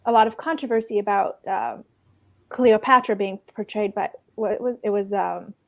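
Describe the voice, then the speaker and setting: A woman speaking as a panelist in a discussion, earnest and halting, often restarting her sentences. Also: medium pitch, steady tone, creaky, fairly bright tone.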